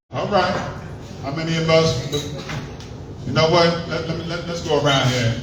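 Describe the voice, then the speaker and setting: A man's voice: on the high side, a little slow, long pauses, fairly bright tone, a little hiss or hum. A man from New York with a New York accent, hosting an open mic and bantering casually with the audience. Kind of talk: casual crowd work. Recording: echoey room, distant mic, crowd.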